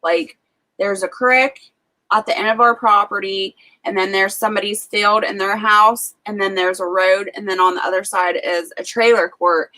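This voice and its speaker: A woman's voice: mid-range voice, steady tone, normal speed, bright, forceful tone. A woman hosting a casual livestream from a rural farm home, telling chatty stories full of "like" and asides. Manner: chatty storyteller, lots of "like". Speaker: livestream host. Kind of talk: casual chat.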